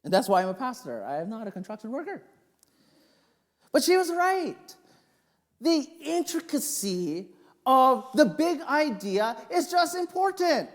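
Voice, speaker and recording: A male pastor preaching a sermon, telling personal stories in an animated, joking way. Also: very high voice, unhurried. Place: church sanctuary. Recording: long reverb of a church hall.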